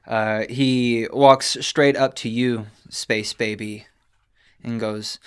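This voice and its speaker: A man narrating a tabletop game as game master, in a relaxed, descriptive way with fillers. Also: mid-range voice, takes it slowly, smooth.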